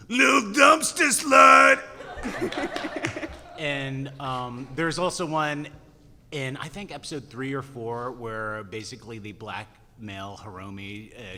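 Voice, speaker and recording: A man's voice: mid-range voice, pushed and bright. A man speaking as a voice actor guest at a convention panel, rambling casually with laughing asides. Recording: reverberant hall.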